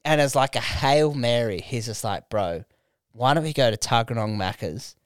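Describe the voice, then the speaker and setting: A young Australian comedian who co-hosts a podcast tells a story in casual chat, animated and swearing freely as he acts out what people said. His mid-range voice moves at a moderate pace and sounds smooth, recorded on a studio microphone with no echo.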